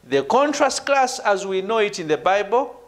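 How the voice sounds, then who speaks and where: A man's voice: high-pitched, very animated, moderate pace. A middle-aged male professor giving a university lecture, repeating his points emphatically and checking in with the class as he goes. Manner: repetitive and emphatic, punctuating points with "right?" and "ladies and gentlemen". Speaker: professor leading a doctoral seminar.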